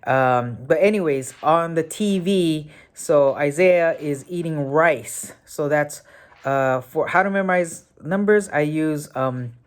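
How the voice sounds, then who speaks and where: Talk as a woman with a very deep voice giving a casual spoken tutorial, thinking aloud with lots of fillers and correcting yourself as you go. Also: slow pace. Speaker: memory technique tutor.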